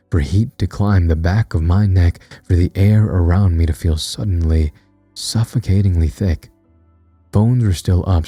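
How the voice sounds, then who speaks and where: Male horror narrator: very low, dark, husky tone, tense dramatic reading, soft music under it. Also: dry recording.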